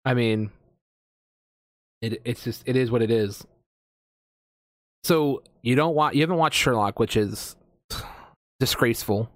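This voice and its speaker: A man's voice: medium pitch, unhurried, pauses often, dry recording. American man, casual podcast host, rambling and profane, dry close-miked sound. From United States. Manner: rambling, swearing, many fillers and restarts. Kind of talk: casual chat.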